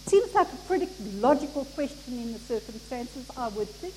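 High, lively woman preaching in a hall. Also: normal speed, few pauses. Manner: expressive, acts out the people in the story. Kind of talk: sermon. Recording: echoey hall with faint noise.

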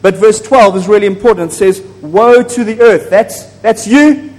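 High-voiced excitable preacher in echoing hall. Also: male voice, moderate pace. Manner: excitable, gets loud and apologizes for shouting; asks the congregation frequent questions. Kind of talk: sermon. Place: church hall. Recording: long echo of a large hall.

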